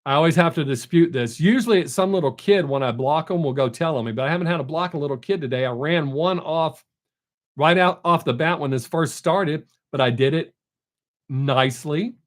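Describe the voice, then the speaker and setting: A man's voice: fairly high pitch, brisk. A middle-aged man hosts a live stream, chatting casually and bluntly with his viewers and telling stories. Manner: blunt, talkative, storytelling.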